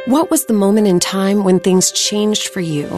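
A woman host reads a scripted podcast introduction in an even, measured manner, her voice at a middle pitch. Clear music plays under her the whole time. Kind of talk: scripted narration. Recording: clear music bed behind the voice.

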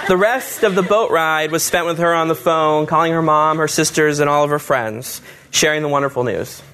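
A man with a slightly raised voice tells a personal story live, in an easygoing and wry manner. He paces his jokes and stays calm and collected as he goes. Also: fairly high pitch, moderate pace, slight background noise. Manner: easygoing, wry, builds to punchlines. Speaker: storyteller, husband of a patient.

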